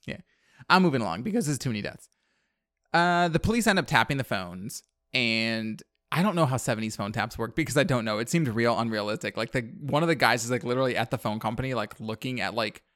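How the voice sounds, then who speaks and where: A man's voice: medium pitch, animated, fast talker, a bit bright, no echo, studio quality. A man on a podcast casually recapping a horror movie plot, rambling with lots of fillers and wry asides. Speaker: podcast co-host.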